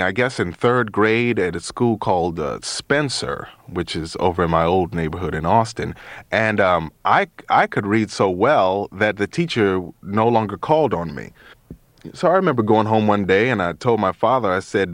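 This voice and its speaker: A man in his thirties with a very low voice talks as a guest on a radio interview. He speaks in a thoughtful, measured way and often pauses to search for words. The studio sound is close and dry. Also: no echo. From Chicago, USA. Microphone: studio mic.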